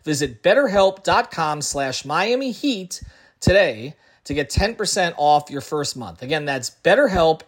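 A man's voice: on the high side, big pitch swings, unhurried. A man reading a sponsor message on a podcast in an earnest, personal tone. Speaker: podcast host. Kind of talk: read sponsor ad.

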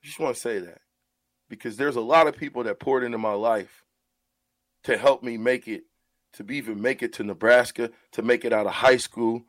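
A man's voice: mid-range voice, steady tone, a little fast, no echo. A man who is a radio show host, talking in an earnest, heartfelt way about mentoring and often repeating his words as he goes.

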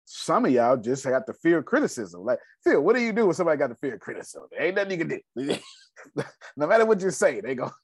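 Lively, laughing male coach. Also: fairly high pitch, fast talker, husky, no echo. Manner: lively, playful, laughs often. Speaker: host of a finance coaching call. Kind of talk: coaching group discussion.

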